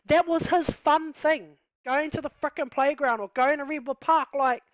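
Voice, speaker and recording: A woman with a New Zealand accent tells her own story in a high, candid voice, leaning on "you know" and "like". The sound is dry and close, a little dull and lo-fi. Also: normal speed, dry recording. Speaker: vlogger telling her life story. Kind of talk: casual personal storytelling.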